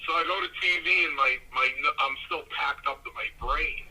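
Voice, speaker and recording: An older man, a former wrestler, telling a story casually with a husky voice and acting out what others said in their voices. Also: a little high, normal speed, rough recording. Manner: animated, acts out other people's lines in their voices.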